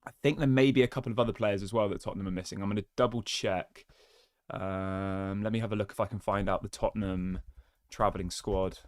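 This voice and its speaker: A man's voice: lowish voice, steady tone, a little fast, no room sound. A man hosting his own football fan channel, chatting casually and thinking aloud with small restarts. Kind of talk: casual solo fan commentary.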